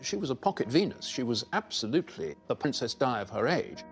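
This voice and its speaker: Male commentator, mid pitch, confident, vivid delivery, faint music. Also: sing-song, brisk, vocal fry. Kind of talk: documentary interview.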